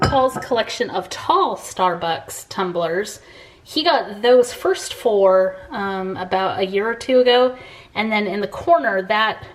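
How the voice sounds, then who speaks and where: A woman from the United States, a family vlogger, casually chatting to the camera as she shows things around her. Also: a little high. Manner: chatty and friendly, showing things as she talks. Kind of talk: casual vlog chat to camera.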